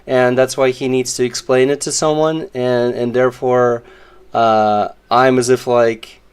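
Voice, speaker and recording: A man's voice: mid-range voice, little pitch movement, measured pace, smooth. Sarcastic rambling male streamer. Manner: sarcastic, rambling with many fillers. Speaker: game streamer. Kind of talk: casual live-stream chat.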